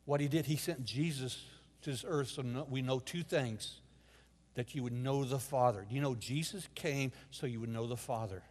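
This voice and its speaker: A man preaching a sermon as a guest speaker in a church, telling a personal story with emotional swings from hushed to loud. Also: mid-range voice, normal speed. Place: church sanctuary. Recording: long hall reverb.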